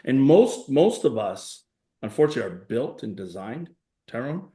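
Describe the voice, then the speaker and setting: A man's voice: medium pitch, big pitch swings, normal speed, mellow, roomy sound. A man in his forties, a guest in a conversational interview, telling stories emphatically and acting out the voices of people he quotes. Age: 40s.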